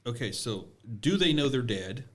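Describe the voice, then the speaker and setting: A man's voice: mid-range voice, sing-song, moderate pace, a bit bright. A man co-hosting a podcast, speculating and asking questions in casual chat. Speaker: podcast co-host.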